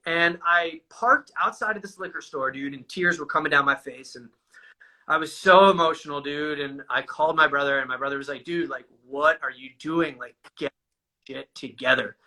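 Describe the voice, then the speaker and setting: A man recounts his own experiences in loose, candid conversation. His voice sits a little high and sounds very bright and forward. He swears often and tosses "dude" into nearly every sentence. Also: animated, fairly quick, rough recording. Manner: casual and profane, says "dude" constantly. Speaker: guest sharing a recovery story.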